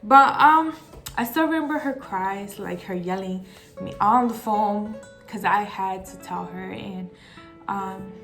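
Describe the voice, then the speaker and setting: A young woman telling a personal story in a vlog, halting and emotional, fighting back tears, with many fillers and restarts. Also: mid-range voice, a bit bright, soft background music. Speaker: vlogger.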